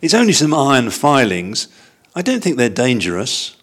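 A man's voice: mid-range voice, big pitch swings, moderate pace, a bit bright, breathy edge, voice pushed up. A man voicing a small, polite young male bear with an earnest, plaintive manner in a storybook reading. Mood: reassuring.

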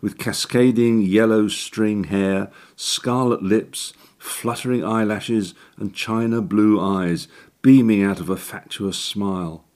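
A man's voice: lowish voice, steady tone, slow, darkish tone. A man reading a comic story aloud in a dry, wry narrating manner.

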